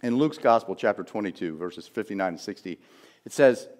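A man preaching a sermon as pastor, telling a Bible story with emphatic, animated delivery. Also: fairly low pitch, fairly quick.

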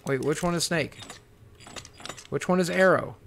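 A man giving live gameplay commentary as a streamer, excitable and swearing, panicking and talking to his chat. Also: fairly high pitch, measured pace, vocal fry, a little hiss or hum. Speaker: gaming streamer.

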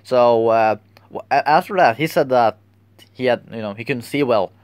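A young man telling a rambling, halting story in a casual vlog, often searching for words. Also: mid-range voice, smooth, no room sound. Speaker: vlogger.

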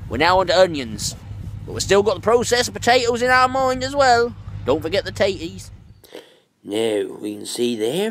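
A man with a Norfolk accent giving an excited, loud running commentary outdoors in a farm field. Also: fairly high pitch, normal speed, no echo. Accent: Norfolk English. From Norfolk, England. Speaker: farmer presenting a video. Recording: loud tractor noise outdoors.

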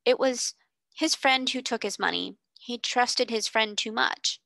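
A woman reading aloud, voicing a composed orphan girl with a soft, quietly firm manner. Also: a little high, measured pace, creaky, no echo, voice pushed up, full character voice. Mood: earnest.

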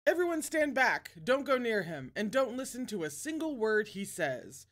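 A woman's voice: a little high, very animated, moderate pace. A woman reading aloud, voicing an alarmed young man urgently telling a crowd to stand back. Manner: urgent, commanding.

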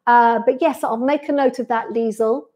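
A woman, speaking in a slightly higher register. She runs a relaxed live chat after a pilates class and responds warmly to each viewer comment. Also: moderate pace. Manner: friendly, reads out viewer comments and replies to each. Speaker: pilates instructor. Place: sunny room indoors.

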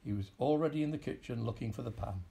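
Gravelly man reading a children's story. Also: medium pitch, fast talker. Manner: expressive, animated storytelling. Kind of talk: children's story read aloud.

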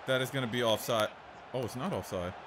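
A young man hosting his gaming channel, trash-talking and yelling at a soccer video game in casual commentary. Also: mid-range voice, quick pace, slight background noise.

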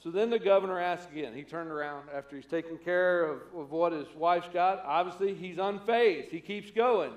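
A man's voice: high voice, moderate pace, few pauses, echoey room. A man preaching a conversational sermon as pastor, acting out the voices he quotes. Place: church sanctuary.

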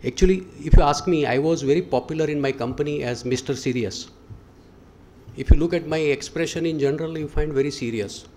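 A man's voice: on the high side, a little fast, darkish tone, a little hiss or hum. Indian man giving a motivational lecture. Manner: storytelling, questions the audience directly. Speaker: guest speaker. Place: lecture hall.

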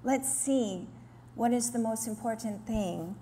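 Slowly and earnestly, a woman preaches to a women's gathering, now and then voicing complainers with lively imitations. Her pitch runs on the high side, and the recording from a roomy hall carries faint ambience plus a little hiss or hum.

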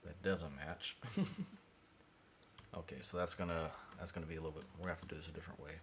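A man livestreaming his CAD design work, thinking aloud in a mumbly way that drifts quieter as he concentrates. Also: extremely low pitch, flat delivery, fast talker, slight background noise.

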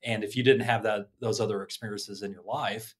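A man's voice: on the low side, fairly even intonation, fairly quick, breathy edge. A man from the Kansas City area co-hosting a casual podcast, agreeable and often backing his partner up. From Kansas City area, United States. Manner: agreeable, often backs up with "right". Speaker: podcast co-host. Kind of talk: casual chat.

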